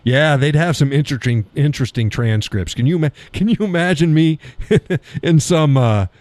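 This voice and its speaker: A man's voice: fairly high pitch, moderate pace, darkish tone, no room sound. A middle-aged man hosting a live stream in casual chat, swearing freely, laughing often, telling stories with animation. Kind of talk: casual chat reading viewer comments.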